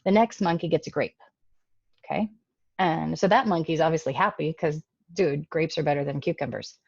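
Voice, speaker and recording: A woman's voice: deep voice, moderate pace, gravelly, darkish tone, slightly rough, no room sound, lo-fi sound. A woman giving a casual, emphatic talk to parents over a computer mic. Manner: conversational, emphatic. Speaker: presenter speaking to parents.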